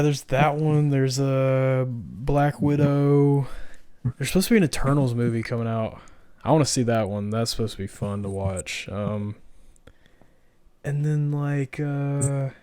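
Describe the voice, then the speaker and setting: A man's voice: medium pitch, measured pace, dark tone, clean tone, no echo. A man co-hosting a podcast in casual chat, rambling and full of fillers. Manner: rambling, full of likes and ums. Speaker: podcast co-host. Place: home, on a live stream.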